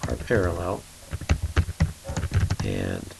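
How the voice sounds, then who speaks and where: A man's voice: a bass voice, very slow, creaky, very noisy. A man explaining a math problem in a screencast lesson, talking it through step by step as he draws and sometimes stopping to correct himself. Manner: steady explaining, thinking aloud while drawing. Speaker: math teacher.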